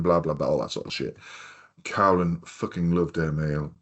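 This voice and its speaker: A man's voice: extremely low pitch, steady tone, normal speed. A man with a Hartlepool accent from North East England, hosting a casual podcast and telling long, rambling stories with plenty of swearing. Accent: North East English, Hartlepool. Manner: rambling anecdotal storyteller, swears freely. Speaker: podcast host. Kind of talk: casual chat.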